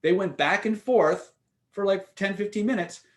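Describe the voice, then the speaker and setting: A man's voice: high-pitched, moderate pace. Emphatic man teaching a seminar. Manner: emphatic, direct, asks rhetorical questions. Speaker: influence and communication trainer.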